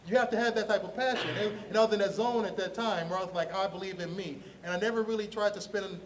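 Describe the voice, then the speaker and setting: High, animated storytelling man. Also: fast, distant mic. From Ohio. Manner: lively, laughing, slangy, acts out voices. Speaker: comic artist telling his story.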